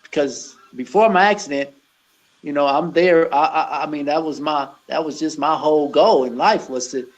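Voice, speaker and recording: A man who owns a gym and works as a personal trainer, talking earnestly in an interview with many halting restarts. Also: on the high side, poor audio. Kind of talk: conversational interview.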